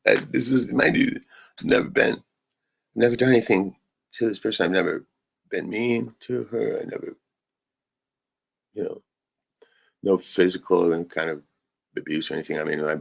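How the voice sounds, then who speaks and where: A man's voice: low voice, moderate pace, vocal fry, long pauses. A man on a live stream venting in a rambling way, swearing often and tagging "right?" onto his sentences. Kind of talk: casual venting monologue.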